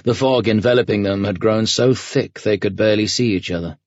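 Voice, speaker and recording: A man narrating an audiobook in a measured, grave storytelling manner. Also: fairly low pitch, no room sound, muffled recording. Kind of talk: scripted narration.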